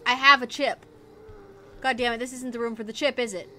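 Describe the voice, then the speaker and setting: Young woman streamer for horror let's-play, high and piercing, mutters then screams. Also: steady tone, brisk, pauses often, pushed and bright, slight background noise. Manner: jumpy and profane, mutters low then yelps in fright. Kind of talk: casual let's-play commentary.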